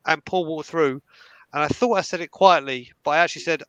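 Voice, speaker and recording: Lively man telling a story. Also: on the high side, fairly quick, clear, resonant tone, no room sound, low-quality recording. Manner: animated, hesitant restarts. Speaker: fan telling stories on a live stream. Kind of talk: casual storytelling.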